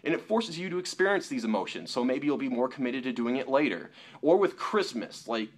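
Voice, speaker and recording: A young man talking straight to camera in an opinion vlog, mocking the people he argues with in a lower voice. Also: fairly quick. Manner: animated, mocking quotes in a lower voice. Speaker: YouTuber.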